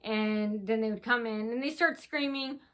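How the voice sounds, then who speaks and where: Bright, rambling woman vlogger. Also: on the high side. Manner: talks fast, with many restarts and acted quotes. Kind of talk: rambling casual storytelling.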